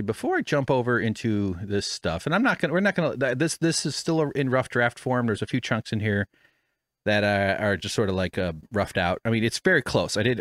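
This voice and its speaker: A man's voice: on the low side, no echo. A man hosting a podcast from a home studio, talking in a rambling, self-deprecating way and swearing freely. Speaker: podcast host. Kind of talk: casual rambling chat. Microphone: studio microphone with headphones.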